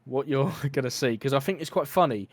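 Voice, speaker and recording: A man's voice: mid-range voice, fairly quick, dry recording. A British man hosting a casual comedy podcast, telling a story with lots of laughs. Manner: lively storyteller, laughs often. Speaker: podcast host.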